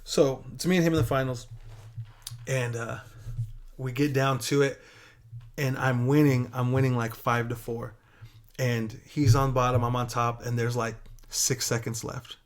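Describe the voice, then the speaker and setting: A young man telling a story in a casual podcast chat, swearing often and animated as he tells it. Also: mid-range voice, unhurried, long pauses. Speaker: podcast guest.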